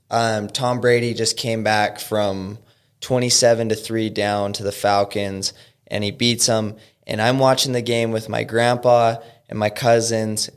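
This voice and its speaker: A young man from Utah telling his recovery story as a guest, halting with frequent fillers and restarts. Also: medium pitch, clean tone. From Utah, USA. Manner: halting, lots of "you know" and "um", restarts. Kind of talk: personal storytelling in an interview.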